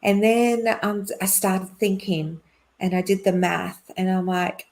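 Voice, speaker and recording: A middle-aged woman, a podcast guest, telling a personal story in a chatty way, with lots of fillers and quick laughs. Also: mid-range voice, fairly even intonation, a little mellow. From Australia. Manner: chatty, laughs often, many fillers and restarts.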